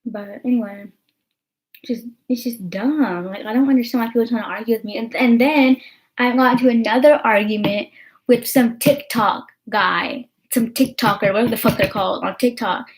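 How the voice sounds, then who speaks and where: A woman's voice: fairly high pitch, normal speed. A young American woman vlogging in casual chat, rambling with lots of fillers and swearing.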